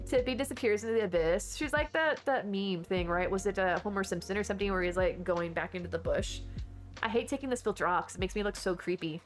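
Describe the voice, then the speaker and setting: A woman's voice: medium pitch, fast, faint music behind. A woman from Texas, chatting casually with her viewers and answering chat during a game stream.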